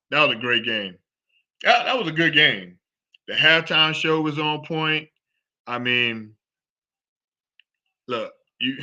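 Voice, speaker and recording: A man hosting a live sports talk show, chatting casually and excitedly, repeating himself as he rambles. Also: mid-range voice, muffled recording. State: out of breath. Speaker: show host.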